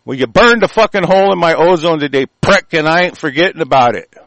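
A man's voice: on the high side, lively intonation, quick pace, a bit bright, no room sound. A man delivering a heated, rambling rant, swearing constantly and stumbling over restarts. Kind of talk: angry profane rant.

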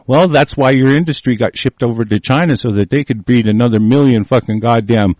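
Guy ranting hard, swears nonstop, keeps restarting mid sentence, mid pitch voice, dry close sound. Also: brisk, darkish tone, no echo. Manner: heated, profane, rambling with many restarts. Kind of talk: casual ranting monologue.

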